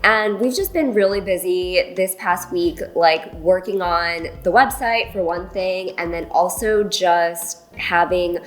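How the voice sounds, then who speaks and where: A woman's voice: on the low side, slow, hardly any pauses, low-quality recording. A woman co-running a stationery shop, giving news in a casual, rambling, upbeat way and laughing often. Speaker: stationery shop co-owner presenting updates. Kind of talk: casual chatty announcement video.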